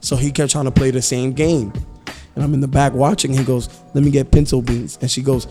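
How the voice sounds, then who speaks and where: Animated man telling work stories. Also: medium pitch, brisk, faint music behind. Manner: animated, acts out customers' voices, laughs often. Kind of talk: casual storytelling chat.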